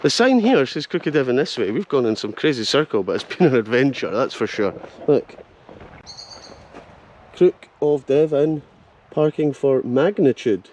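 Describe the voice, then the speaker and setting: An excitable Scottish man narrates a handheld vlog as he wanders outdoors, jokey and animated in a mid-pitched voice. His camera audio carries a steady hiss of outdoor noise. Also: moderate pace, dull audio. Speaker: vlogger host. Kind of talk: casual handheld travel vlog. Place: outdoors at a campsite festival.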